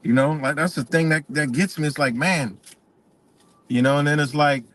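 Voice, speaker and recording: A man's voice: a little high, fairly even intonation, moderate pace, fairly bright tone. A man hosting a livestream, ranting in a profane, rambling way and repeating himself. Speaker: channel host. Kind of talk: livestream rant.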